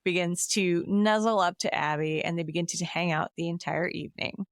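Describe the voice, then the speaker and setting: A woman co-hosts a podcast and retells a film's plot in a casual, lively way. Her voice sits a little low, she slips into quoted lines now and then, and the close mic sounds dry. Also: moderate pace, no echo. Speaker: podcast co-host recapping a film. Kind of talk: casual chat, plot recap.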